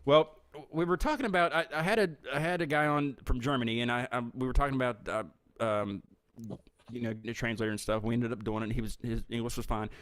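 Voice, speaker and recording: A man's voice: mid-range voice, steady tone, fast talker, a bit bright, clean tone, no echo. A man with a Southern US accent hosting a casual live-stream interview, rambling and stammering over repeated words. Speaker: host of a live music show.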